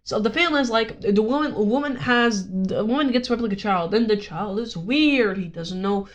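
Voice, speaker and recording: A woman's voice: on the high side, moderate pace, lo-fi sound. A woman vlogger ranting casually, rambling and sarcastic, swearing often.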